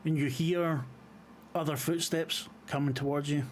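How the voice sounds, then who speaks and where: A man's voice: a little high, fairly even intonation, a little slow, a little hiss or hum. A man running a tabletop horror game as game master, describing scenes with frequent ums and uhs. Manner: hesitant, many fillers.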